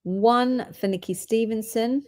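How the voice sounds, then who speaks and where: A woman's voice: on the high side, measured pace, darkish tone. A woman hosting a live gem sale, chatting and reading out orders and codes.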